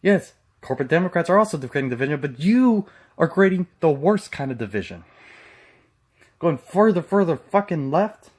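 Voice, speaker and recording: A man's voice: a little high, very animated, moderate pace, a little mellow. Texan guy reacting to a clip, snarky and cussing, voice swinging up and down a lot. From Texas. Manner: sarcastic, mocking, profane. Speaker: commentary channel host. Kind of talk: reaction commentary.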